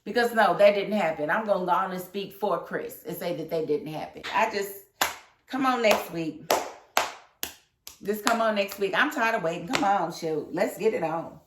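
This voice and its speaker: A woman's voice: medium pitch, normal speed, noisy background. A woman with a mid-range voice reviews a reality TV episode in a casual, sassy way. She talks back at the people on screen with plenty of attitude. The room gives her voice a noticeable echo. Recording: echoey room.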